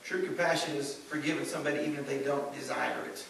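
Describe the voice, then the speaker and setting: Southern preacher in an echoey church. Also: male voice, medium pitch, fairly even intonation, fast, vocal fry, hardly any pauses, recorded from a distance. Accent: Southern American. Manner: preaching with emphatic swings from loud to hushed. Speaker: pastor. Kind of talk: sermon. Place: church sanctuary.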